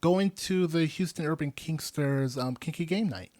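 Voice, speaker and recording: A man's voice: fairly high pitch, moderate pace, a little mellow, no echo, studio quality. A man co-hosting a podcast in casual chat, laid-back and teasing, with plenty of fillers. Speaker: podcast co-host.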